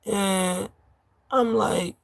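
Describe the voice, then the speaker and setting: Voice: medium pitch, fairly even intonation, drawn-out words, creaky, no echo, studio quality. A vlogger from New York ranting to camera in casual, profane street slang, heated and laughing by turns.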